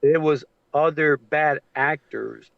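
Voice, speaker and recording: A man on a livestream video call, talking in a halting, emotional way with many fillers. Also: a little high, gravelly, highs cut off, noisy background. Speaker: guest on a livestream. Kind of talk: casual supportive chat. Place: home with a train passing outside.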